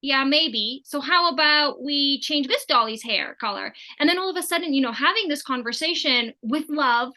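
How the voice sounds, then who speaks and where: A middle-aged woman appears as a summit guest, telling stories in a conversational interview and acting out the dialogue she quotes. Her voice is on the high side with a sharp tone.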